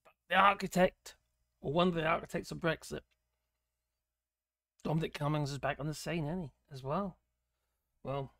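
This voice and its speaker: A man hosting a livestream, chatting casually and excitably with viewers and reading the comments. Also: on the high side, moderate pace, vocal fry, pauses often, no echo, clean studio sound. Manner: excitable, exclaims often, rambling. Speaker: livestream host.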